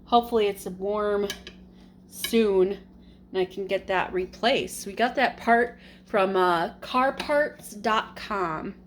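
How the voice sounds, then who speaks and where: A woman's voice: medium pitch, slow, slight background noise. A woman vlogging casually, rambling with lots of fillers and restarts, using informal slang and mock exasperation. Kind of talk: casual chat.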